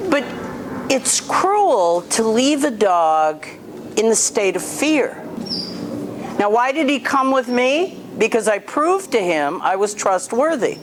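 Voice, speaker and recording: A woman's voice: fairly high pitch, very animated, slow, background noise. A woman dog trainer coaching an owner in a hands-on session, blunt and firm, snapping commands at the dog.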